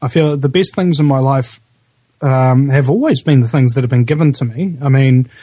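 A man with a New Zealand accent hosting a talk radio show, chatting casually with lively pitch jumps and frequent ums, recorded on a studio microphone at home. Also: brisk, no room sound. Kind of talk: casual chat. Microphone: studio USB microphone.

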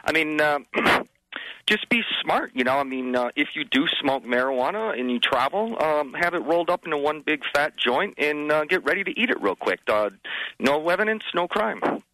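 A male guest telling stories in a relaxed way, his voice bright and forward, with pitch that swings widely. Dry, close sound, with no room echo. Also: moderate pace. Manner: laid-back storyteller, many fillers. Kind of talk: casual talk radio chat.

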